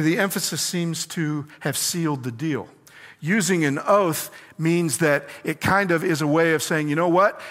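A man's voice: a little high, fairly bright tone, big-room sound. A man preaching a sermon, emphatic, asking his listeners questions and answering them himself. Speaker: pastor.

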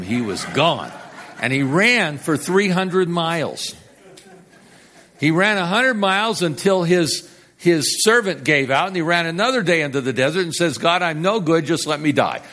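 Animated preacher, loud to hushed. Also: male voice, on the high side, normal speed. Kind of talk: sermon.

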